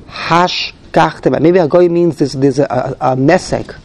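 A man with a gravelly, slightly high voice leads a text study class. He reads Hebrew phrases aloud, then translates and explains them, openly thinking out loud as he goes. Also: measured pace, slight background noise. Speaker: Torah class teacher.

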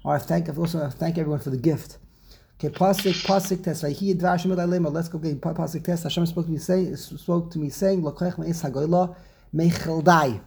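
A man teaching an informal Torah class, explaining slowly and often repeating and restarting his words. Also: fairly high pitch, fairly even intonation, vocal fry, darkish tone, a little hiss or hum.

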